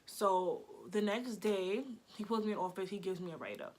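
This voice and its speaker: A young woman tells a story straight to camera. She talks in a chatty, animated way and leans on "like" constantly, with a voice of middling pitch. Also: normal speed. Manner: chatty, animated, heavy use of "like". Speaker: vlogger. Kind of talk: storytime vlog.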